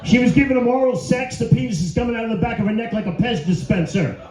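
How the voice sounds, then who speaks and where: A middle-aged comic with a very high-pitched, slightly mellow voice talks at a quick pace, doing brash, crude stand-up and crowd work for a live audience. The club recording comes across as roomy and dull.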